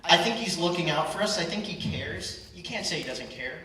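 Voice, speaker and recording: A man's voice: a little high, lively intonation, brisk, sharp tone. A young man in his twenties performing stand-up comedy, working the crowd with punchy, ironic delivery. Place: large hall at a live culture show. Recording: echoey hall, far from mic, crowd noise. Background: audience reactions and hall ambience.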